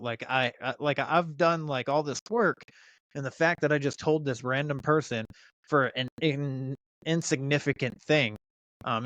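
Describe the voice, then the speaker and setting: A man's voice: mid-range voice, fairly bright tone, no room sound. A man in his thirties telling a story in casual chat, swearing freely and restarting his sentences with many fillers. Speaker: podcast guest.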